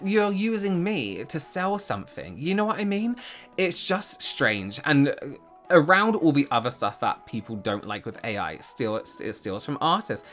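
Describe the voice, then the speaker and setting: Lively-pitched man reacting to camera. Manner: rambling, self-interrupting, laughs often. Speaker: reaction video host. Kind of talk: casual commentary to camera.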